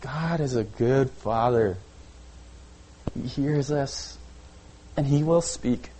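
A man preaching a sermon in a relaxed, conversational way, often checking in with "okay?" and using "like". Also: medium pitch, slow pace, rough recording. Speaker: pastor.

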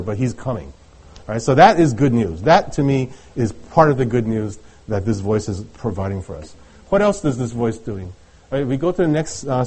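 A middle-aged man preaching a sermon in a conversational, halting way, often restarting his sentences. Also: mid-range voice, darkish tone, breathy edge. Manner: conversational, halting with many restarts and light laughs. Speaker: pastor.

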